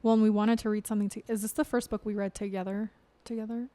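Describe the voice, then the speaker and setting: A young woman co-hosting a casual book podcast, laughing often and trailing off into quiet, mumbled asides. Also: medium pitch, level tone, fast. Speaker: podcast co-host. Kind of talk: casual chat about a book.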